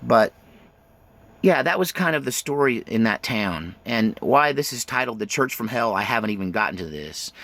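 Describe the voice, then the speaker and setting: Gravelly middle-aged man, rambling storyteller. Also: mid-range voice, lively intonation, moderate pace, fairly bright tone. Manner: rambling, self-interrupting, with frequent fillers and restarts. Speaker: vlogger telling his life story. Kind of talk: autobiographical storytelling.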